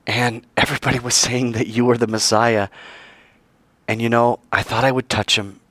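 A male preacher delivering a dramatic sermon, acting out the voices of the story and climbing high in pitch to stress his points. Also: steady tone, moderate pace, a bit bright, no echo. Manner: dramatic, acts out voices and soars in pitch for emphasis.

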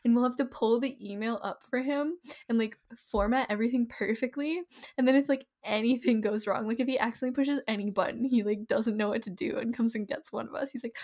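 A woman's voice: fairly high pitch, fairly even intonation, fast talker, a little mellow. A young woman co-hosting a podcast, chatting casually and laughing often. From New Jersey family roots. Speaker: podcast co-host. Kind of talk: casual chat.

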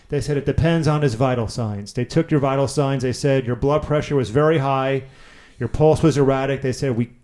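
A man's voice: a little high, a little mellow. A man hosting a casual chat, animatedly retelling a story, acting out quotes and swearing freely.

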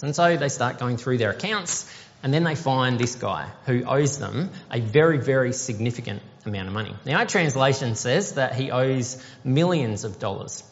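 A man's voice: medium pitch, sing-song, moderate pace. A man preaching a sermon, explaining a parable conversationally and asking the congregation questions. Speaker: pastor. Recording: dull sound with long hall reverb.

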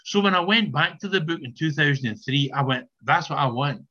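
Older guy sharing his story at a meeting, earnest and emphatic, bright tense voice, dull zoom-call sound. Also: a little high, animated, a little fast, breathy edge. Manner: earnest, emphatic, repeats words. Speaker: recovery meeting speaker. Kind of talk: personal testimony at a meeting. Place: online video meeting.

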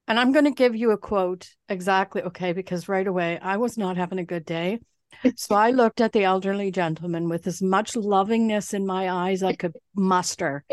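A woman's voice: medium pitch, no echo, clean studio sound. A woman co-hosting a podcast, telling a story in casual chat, swearing and mimicking the people in it. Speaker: podcast co-host.

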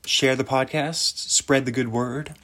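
A man's voice: medium pitch, steady tone, measured pace, fairly bright tone. Giggly man hosting a solo podcast. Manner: giggly, rambling, self-mocking. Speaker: podcast host. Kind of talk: casual solo podcast chat.

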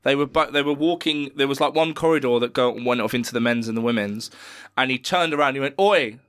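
A young British man in sweary, animated storytelling as co-host of a casual podcast chat. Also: mid-range voice, fast, clean tone, dry recording, studio quality. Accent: British English.

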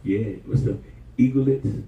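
A man preaching a lively sermon in a church, telling personal stories in a folksy, colloquial way and drawing call-and-response from the congregation. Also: fairly low pitch, slow, vocal fry. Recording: dull, distant, roomy church recording.

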